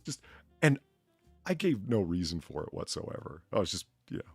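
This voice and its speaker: A man's voice: deep voice, big pitch swings, normal speed, a little mellow, husky, no echo, faint music behind. Rambling, profane man chatting on stream. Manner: profane, rambling, jokey storyteller. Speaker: stream host. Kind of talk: casual chat on a livestream.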